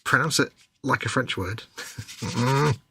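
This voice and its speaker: Bright-voiced English man chatting. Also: medium pitch, slow pace, creaky, husky. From England. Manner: chatty, explains at length with laughs. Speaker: co-host. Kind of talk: casual chat while model building.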